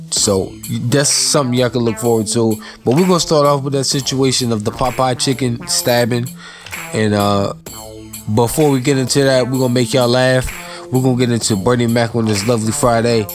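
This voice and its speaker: A man's voice: mid-range voice, fairly even intonation, normal speed. A man from Maryland hosting a podcast in a loose, rambling, slangy way. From Maryland, USA. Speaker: podcast host. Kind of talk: casual podcast chat. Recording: music playing under the voice.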